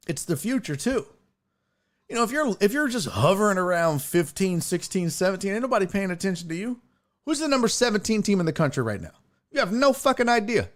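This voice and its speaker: A man hosting a casual sports talk show, brash and profane. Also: sits high. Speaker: sports podcast host.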